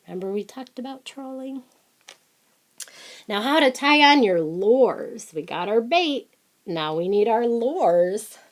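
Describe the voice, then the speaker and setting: Woman reader, playful asides, lively up-and-down delivery. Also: on the high side. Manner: chatty, adds playful comments between lines of text. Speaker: reader of a children's fishing book. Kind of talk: reading a picture book aloud with asides.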